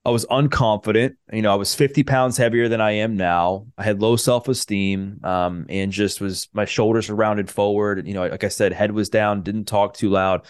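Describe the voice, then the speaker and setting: A man's voice: on the low side, fairly even intonation, moderate pace, hardly any pauses, clean tone, dry recording, clean studio sound. A man, a personal trainer, telling his life story as a podcast guest, earnest and full of fillers like "um" and "like". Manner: earnest, many fillers and restarts.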